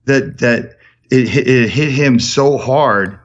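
A man's voice: medium pitch, slow pace, muffled recording. A man talking as a podcast guest, telling stories with energy and many restarts. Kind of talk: casual interview talk.

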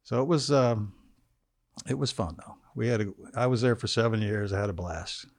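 A man's voice: fairly low pitch, normal speed, a little mellow, no echo. A man in his sixties telling laid-back, wry stories as a guest in a studio. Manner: laid-back, wry, trails off in long anecdotes. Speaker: guest, former football quarterback. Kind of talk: casual storytelling.

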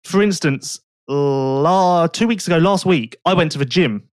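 A man's voice: a little high, measured pace, dry recording, clean studio sound. A young man co-hosting a casual podcast, rambling and correcting himself. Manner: rambling, self-correcting, chatty. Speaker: podcast co-host.

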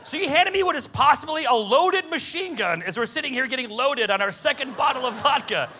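A man doing a stand-up comedy set, telling a story with lots of swearing and animated delivery. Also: extremely high pitch, a little fast, crowd noise, noisy background. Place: comedy club stage.

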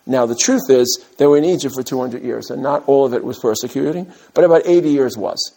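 A man, from Brooklyn, giving an animated mussar talk to his students as a rabbi, with emphatic rises and humorous asides. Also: mid-range voice, fairly quick, gravelly. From Brooklyn, USA. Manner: direct address to his students.

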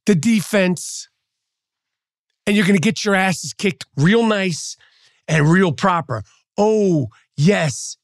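Man, podcast host, mocking profane rant, gravelly, dry. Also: sits high, dry recording. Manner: profane, mocking, trash-talking. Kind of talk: sports rant.

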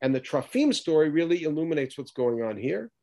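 A man's voice: fairly high pitch, very animated, fairly quick, dark tone. A man teaching a lesson on scripture, posing rhetorical questions and acting out the quoted lines. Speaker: Bible teacher. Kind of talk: lecture on scripture.

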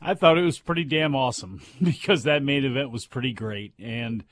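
A man's voice: medium pitch, moderate pace, no room sound. A man co-hosting a wrestling talk show, chatting in an easygoing, upbeat way. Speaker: co-host. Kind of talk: casual chat.

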